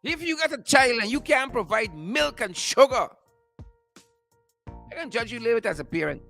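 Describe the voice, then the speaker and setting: A man's voice: extremely high pitch, big pitch swings, moderate pace, vocal fry, sharp tone, soft background music. A man hosting a political commentary show, mocking and repeating phrases for emphasis. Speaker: show host.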